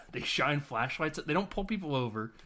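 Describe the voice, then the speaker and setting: A man's voice: on the high side, normal speed. Male podcast host, casual film recap, keeps slipping into voices for the characters. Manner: animated, acts out character lines in mimicking voices; laughs often, lots of "like" and "uh".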